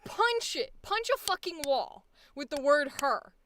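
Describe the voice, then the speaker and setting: A woman's voice: sits high, sing-song, measured pace, a bit bright, slight background noise. An American woman coaching voice acting live, blunt and profane, laughing often. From United States. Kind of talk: live-streamed coaching session.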